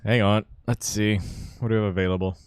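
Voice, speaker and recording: A man's voice: lowish voice, fairly even intonation, fast talker, clean tone, dry recording, clean studio sound. A man streaming live, chatting casually, laughing often and muttering to himself as he clicks through settings.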